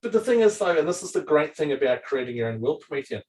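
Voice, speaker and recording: A man's voice: on the high side, quick pace, distant mic, slight background noise, rough recording. Rambling man, heard from afar. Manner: rambling, animated, swears freely, many restarts. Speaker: dungeon master. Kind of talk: casual chat.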